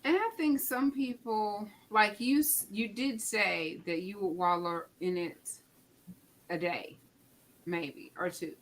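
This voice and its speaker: Female host, mid-pitched, reflective and personal, faint noise in the background. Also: takes it slowly, rough recording. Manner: reflective, personal, acts out remembered dialogue. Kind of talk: casual conversation.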